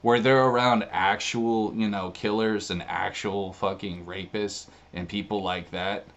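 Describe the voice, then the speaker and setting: A man's voice: lowish voice, steady tone, unhurried, a bit bright, muffled recording. A brash man ranting casually in his video, swearing and laughing as he talks. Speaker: online streamer.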